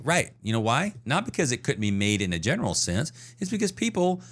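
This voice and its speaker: A man's voice: mid-range voice, big pitch swings, quick pace, fairly bright tone. A man co-hosting a movie podcast, talking in an emphatic, ranting way with frequent restarts. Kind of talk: casual chat.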